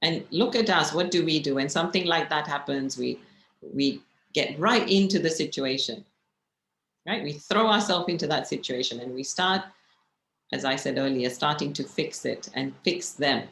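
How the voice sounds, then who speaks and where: A woman, a spiritual teacher, telling stories in a gentle, reflective way and asking her listeners questions. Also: deep voice, normal speed. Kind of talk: storytelling talk. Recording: echoey room with faint noise.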